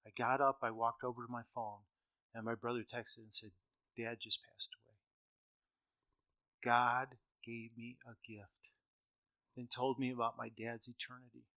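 A middle-aged male preacher with a bright, forward tone delivers a sermon to a large gathering. He tells his stories with strong swings in loudness, pushing some lines out and dropping others almost to a murmur. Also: medium pitch, level tone, measured pace, long pauses. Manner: storytelling with shifts between loud emphasis and quiet.

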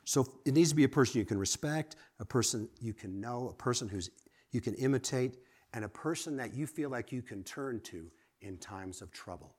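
A man preaching a sermon, lively and conversational, swinging from emphatic exclamations to quiet asides and asking the congregation direct questions. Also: mid-range voice, moderate pace, breathy edge. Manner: asks the audience direct questions.

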